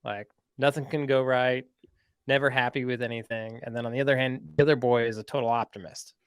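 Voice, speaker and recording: A man's voice: medium pitch, steady tone, fairly quick, clean tone, no echo. A man hosting a podcast, telling a story in a casual, rambling way, full of "like" and "right?". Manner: chatty, rambling, lots of "like" and "right?". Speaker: podcast host.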